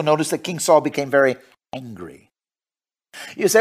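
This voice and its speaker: A male preacher giving a radio sermon and reading scripture aloud, swinging from hushed asides to loud, fervent preaching. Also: fairly high pitch, animated, moderate pace, pauses often, slightly rough.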